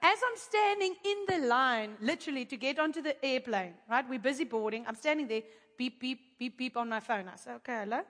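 Woman, high voice, preacher, chatty testimony, long hall reverb. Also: fairly quick. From South Africa. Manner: animated, chatty storytelling with asides to the audience. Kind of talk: testimony in a sermon.

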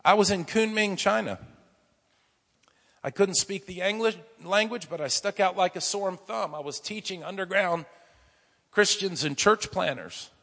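A man with a slightly high, husky voice preaches a sermon. He tells stories with vivid energy, dropping to a hush and then rising loud again. His voice rings with the long reverb of a large hall. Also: measured pace. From United States. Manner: vivid storytelling, swinging from hushed to loud. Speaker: pastor.

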